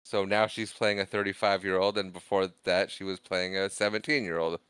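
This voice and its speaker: A man's voice: sits low, little pitch movement, a little fast, fairly bright tone, clean tone, no room sound. A man co-hosting a casual movie podcast, laughing often and reading out the credits. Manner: laughing, self-deprecating, reads credits aloud. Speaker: podcast co-host. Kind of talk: casual chat.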